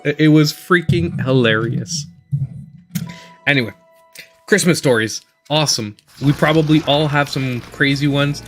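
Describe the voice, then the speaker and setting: A man hosting a casual gaming livestream, telling stories in an animated way as he plays. His voice sits a little high and he laughs often. Faint game music plays behind him. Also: unhurried. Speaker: gaming channel host.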